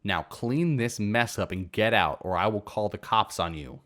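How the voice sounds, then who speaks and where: A man's voice: on the low side, animated, normal speed, a bit bright. A man voicing a stern, exasperated woman homeowner in a story reading. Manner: firm, exasperated.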